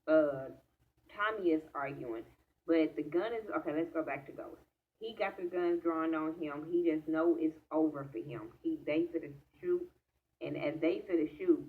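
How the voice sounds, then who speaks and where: Low-voiced woman excitedly recapping an episode. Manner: excitable, profane, talks straight to viewers. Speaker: TV episode reviewer. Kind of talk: casual recap vlog. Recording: tinny phone-like audio from off-mic.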